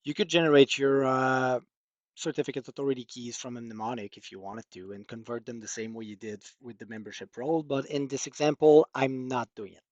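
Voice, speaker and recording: A man's voice: mid-range voice, steady tone, fairly quick, darkish tone, no room sound, muffled recording. A man with a French accent presenting a technical workshop walkthrough, explaining with many hesitant fillers.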